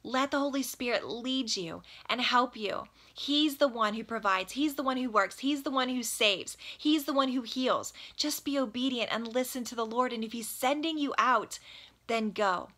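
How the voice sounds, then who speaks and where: A woman's voice: on the high side, normal speed, a bit bright. Earnest woman teaching the Bible. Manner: earnest, exhorting; repeats phrases for emphasis.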